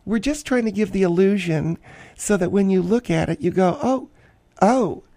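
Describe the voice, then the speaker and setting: A man's voice: high-pitched, moderate pace, mellow, dry recording, studio quality. A man voicing a flamboyant, self-absorbed woman podcast host who rambles theatrically and gushes about herself. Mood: gushing. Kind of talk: comic character monologue.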